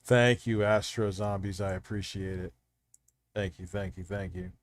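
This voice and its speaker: A man's voice: sits low, fairly even intonation, normal speed. A man hosting a live stream, chatting casually and rambling with heavy profanity as he talks straight to his chat.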